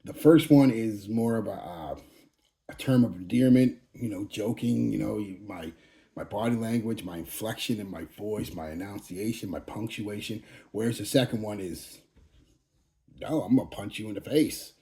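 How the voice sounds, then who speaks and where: A man's voice: lowish voice, normal speed, creaky, warm tone. A man in his forties talking casually to his channel, blunt and profane, rambling with frequent restarts. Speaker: fragrance channel host. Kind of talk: casual channel update monologue.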